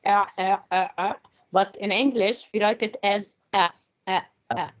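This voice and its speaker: A woman's voice: mid-range voice, fairly even intonation, unhurried, dull audio. A woman whose first language is Arabic, moderating an online webinar and answering hesitantly with many fillers. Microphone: video call.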